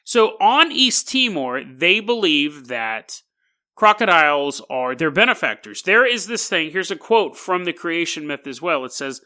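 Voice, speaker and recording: A man's voice: a little high, very animated, unhurried, bright, forceful tone. A man hosting a podcast, telling a story in a rambling, jokey way and laughing often. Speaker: podcast host.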